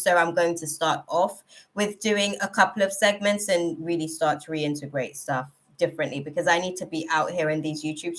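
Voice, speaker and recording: A woman hosting a live tarot reading, chatting casually and laughing often as she talks. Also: on the low side. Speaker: tarot reader, live-stream host.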